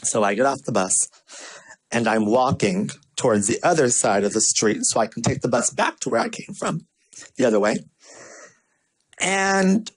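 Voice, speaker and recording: A vlogger telling a story in a sassy, animated way and then giving casual marketing tips. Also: normal speed, rough recording. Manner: acts out quoted voices with big pitch swings. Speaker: vlogger and small business owner.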